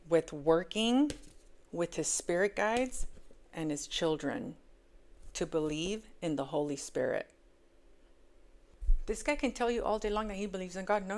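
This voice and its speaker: A woman reading tarot cards in a casual, emphatic monologue. She repeats words for stress and swings between hushed asides and loud exclamations. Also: low-pitched. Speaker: tarot reader.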